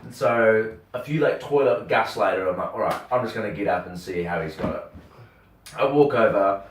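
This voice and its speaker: A young man with a New Zealand accent, a radio host telling a story in casual chat, animated and acting out the dialogue, swearing freely. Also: on the low side, fairly quick. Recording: roomy sound from a distant mic.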